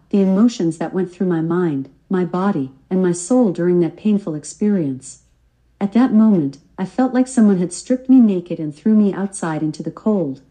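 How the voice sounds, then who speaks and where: Older woman reading her memoir, earnest and churchy, super dark mellow voice. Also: fairly low pitch, rough recording. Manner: earnest, devout testimony. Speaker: memoir author and narrator.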